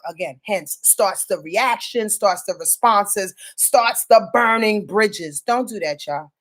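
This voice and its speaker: A high-pitched woman talks through her weekly astrology forecast, loose and unscripted. She rambles, swears freely and darts into playful asides, her voice jumping up and down as she goes. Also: measured pace, hardly any pauses. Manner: rambling, profane, animated, with playful asides and sudden pitch jumps. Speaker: astrologer giving a weekly rundown. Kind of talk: casual spoken forecast.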